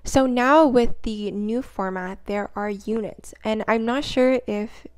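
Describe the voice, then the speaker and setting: A woman in a relaxed tutorial voice, taking her time and speaking at an unhurried pace. She rambles a little, leans on fillers, and repeats words for emphasis. Now and then she sounds out syllables and tones slowly and carefully. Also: on the high side, clear, resonant tone. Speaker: language-learning vlogger. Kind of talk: casual tutorial talk.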